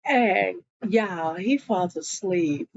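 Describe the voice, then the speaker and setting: A chatty woman telling her viewers about a show episode in a lively, animated way. She talks slowly and leans into the story. The recording is dull and lo-fi. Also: on the low side, creaky. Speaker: show recap vlogger. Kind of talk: casual recap storytelling.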